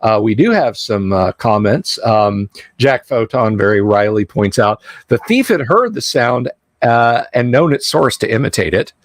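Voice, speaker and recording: A man's voice: mid-range voice, measured pace, dry recording. A man hosting a livestream, chatting casually about tabletop games and acting out quoted lines as he tells stories. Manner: animated storyteller, acts out quoted voices. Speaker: livestream host.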